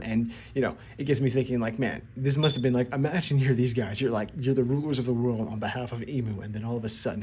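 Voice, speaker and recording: A man's voice: medium pitch, fairly even intonation, brisk, mellow, husky. A man giving casual video commentary on an anime, rambling and restarting his words as he acts out quotes.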